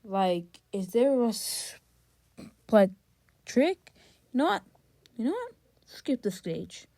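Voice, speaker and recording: A woman's voice: on the high side, big pitch swings, takes it slowly, long pauses, dark tone, no echo, studio quality. A young woman giving casual gameplay commentary, chatty and exasperated, talking straight to her viewers. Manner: chatty, exasperated, talks to chat. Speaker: gaming vlogger.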